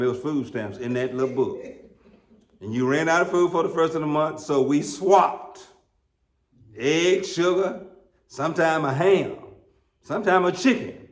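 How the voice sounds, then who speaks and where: A middle-aged American man preaching a sermon as pastor, telling folksy, humorous stories with emphatic peaks. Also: on the high side. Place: church sanctuary. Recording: roomy church sound.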